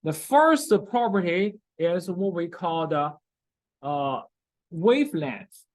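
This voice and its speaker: A chemistry lecturer in a recorded class speaks at medium pitch, slowly and with animation, his tone a little mellow. He repeats key terms, keeps checking in with "okay?", and uses non-native grammar. The audio quality is poor.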